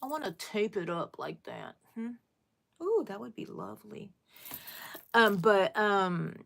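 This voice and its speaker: A woman's voice: mid-range voice, big pitch swings, slow, gravelly, pauses often, fairly bright tone. A middle-aged woman hosting a casual crochet livestream, chatting with viewers, answering their comments and often calling them "people". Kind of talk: casual live chat with viewers.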